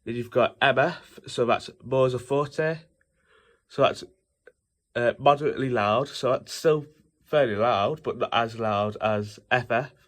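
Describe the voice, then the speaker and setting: A man's voice: medium pitch, unhurried. A young man talking through music notation in a loose, rambling way, with many fillers and self-corrections. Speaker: music theory teacher. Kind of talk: casual informal lesson explaining notation.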